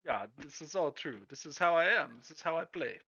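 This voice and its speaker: A man's voice: fairly high pitch, animated, a little fast, bright, forceful tone, breathy edge, lo-fi sound, full character voice. A man voicing a brash, boastful sports star who speaks broken English, dropping his articles. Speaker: player.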